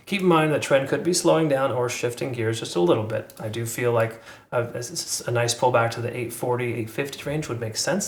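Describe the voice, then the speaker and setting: Speaking at medium pitch in a reverberant space, this man runs a crypto channel and walks through price charts in a loose way. His chart commentary is packed with fillers and self-corrections.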